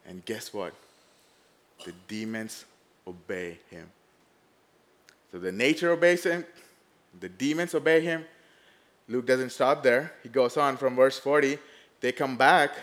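A man preaches a sermon, his voice sitting in an ordinary middle pitch. He is animated, rising loud for the dramatic moments and dropping to hushed tones for the tender ones. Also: a little slow, pauses often.

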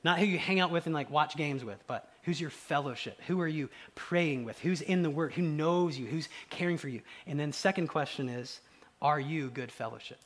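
A man preaching a conversational sermon, dropping to quiet low asides and rising into loud, excited acted quotes. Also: moderate pace. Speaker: pastor.

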